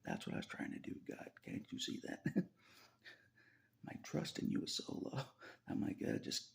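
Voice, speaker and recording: Brief: gravelly male vlogger, confessional ramble, wide pitch swings, half-whispered, casual swearing. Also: wildly swooping pitch, normal speed. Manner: rambling, laughs between lines, often half-whispered. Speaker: YouTube channel host. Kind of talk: confessional vlog monologue.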